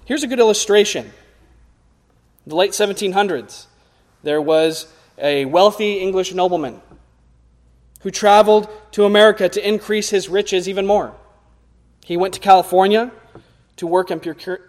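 A young male preacher with a notably high voice delivers an earnest sermon. He swells to loud, forceful peaks and then drops to quiet, low lines. The sound carries a long reverb, like a large hall. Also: normal speed, pauses often.

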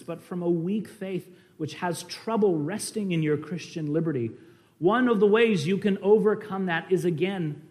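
A male preacher with a somewhat high voice teaches in a conversational sermon style. He stresses points emphatically, then drops into quiet asides, with frequent fillers and restarts. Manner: swings between emphatic and quiet.

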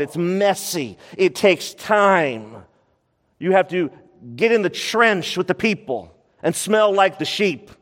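A male pastor preaching a sermon, expressive, slowing down to stress words and acting out scripture quotes. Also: a little high, in a large hall.

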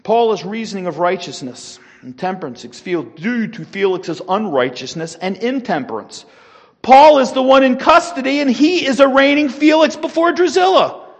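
Man preaching a Bible lesson, emphatic, lively quotes, reverberant hall. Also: very high-pitched, moderate pace. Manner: emphatic, acts out quotes with rising force. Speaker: Sunday school teacher. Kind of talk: sermon. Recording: long echo in a large hall.

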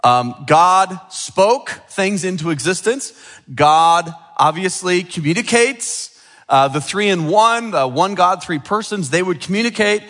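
A middle-aged pastor leads a sermon in a church sanctuary, talking in a chatty way and checking in with the room often. His voice sits slightly high for a man, and a long hall reverb trails after each phrase. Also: expressive, measured pace, a bit bright. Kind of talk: sermon with a children's object lesson.

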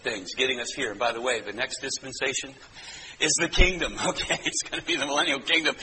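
A man's voice: medium pitch, lively intonation, quick pace, bright, forceful tone, slight background noise, poor audio. A man preaching a sermon as pastor, teaching in a conversational way with frequent asides to his listeners.

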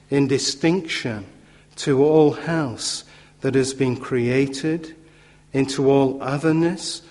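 A man delivers a sermon at an unhurried, deliberate pace, stressing key words through repetition. His mid-pitched voice carries a long reverb from a large hall or church. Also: darkish tone. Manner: measured, emphatic repetition with occasional fillers. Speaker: preacher.

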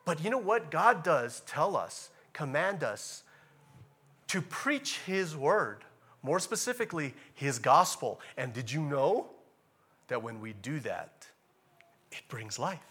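A man preaching a sermon in a casual, animated way, repeating key phrases and rising to loud emphatic bursts. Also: on the high side, takes it slowly, breathy edge. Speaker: pastor.

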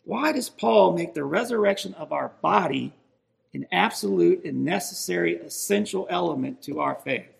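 A man's voice: high voice, lively intonation, normal speed, creaky. A man preaching a sermon, emphatic and building in intensity as he stresses his points.

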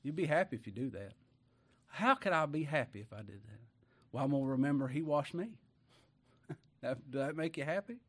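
A man's voice: mid-range voice, animated, brisk, pauses often, fairly bright tone. A middle-aged man preaching a sermon in a folksy way, firing rhetorical questions at his congregation.

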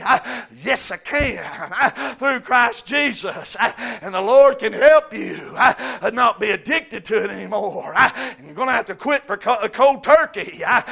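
High gravelly preacher man. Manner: heavy 'uh' fillers, shouting bursts. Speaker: pastor. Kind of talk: sermon.

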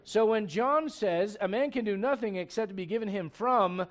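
A man preaching a sermon as pastor, with animated, loud emphasis and scripture read aloud. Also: high voice, normal speed.

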